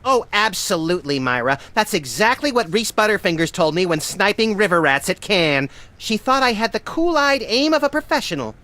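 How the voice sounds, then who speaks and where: A woman's voice: mid-range voice, sing-song, a little fast, hardly any pauses, a bit bright. A performer voicing a vain, manic little male rabbit-like creature who talks brashly about himself in a game. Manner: brash, self-important, sardonic.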